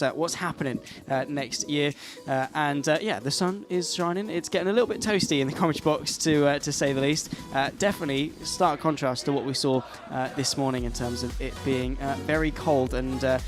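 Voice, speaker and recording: Brief: young English male co-commentator, rapid and a bit high, chatty, faint music under. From England. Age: young adult. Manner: chatty, rambling, many fillers and restarts. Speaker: karting co-commentator. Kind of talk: live race commentary. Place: commentary box at a race track.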